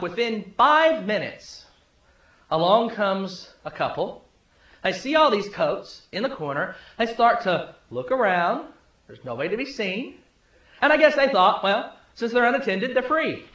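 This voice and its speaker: A male pastor preaching a sermon, telling a story conversationally and dropping low and soft for emphasis. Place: church sanctuary. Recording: echoey church room.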